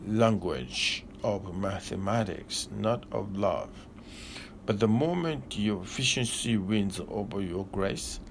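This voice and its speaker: A man giving a slow, deliberate philosophical discourse with long pauses, like a spiritual teacher. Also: fairly low pitch, gravelly, slight background noise.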